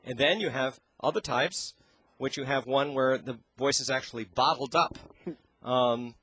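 Man, singing teacher, halting speech, average pitch, handheld mic. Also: fairly bright tone, breathy edge, no echo. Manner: halting, searching for words. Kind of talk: explaining with sung demonstrations. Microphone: handheld microphone.

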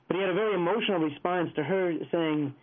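A man's voice: high voice, quick pace. A man reporting from his street organizing, telling an anecdote in a rambling, casual way with many fillers. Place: Los Angeles, over a phone line. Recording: tinny phone line on radio.

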